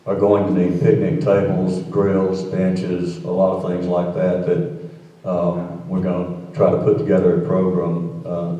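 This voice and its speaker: A man, a city official, answering residents at a council meeting in a measured way, with frequent ums and uhs. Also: deep voice, dark tone, dull audio. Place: council meeting room, heard from far off. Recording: echoey hall from far off.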